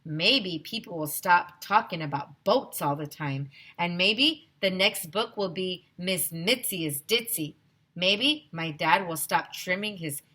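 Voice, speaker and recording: A woman's voice: fairly low pitch, sharp tone. A woman teacher reading a children's chapter book aloud to young listeners, telling it expressively with many voices.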